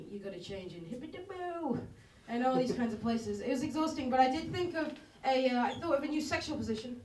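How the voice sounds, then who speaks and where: A woman's voice: a little high, distant mic. A woman performing a stand-up comedy set, self-deprecating and rambling, often laughing at her own jokes. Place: comedy club stage. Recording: echoey club room, mic heard from afar, loud crowd.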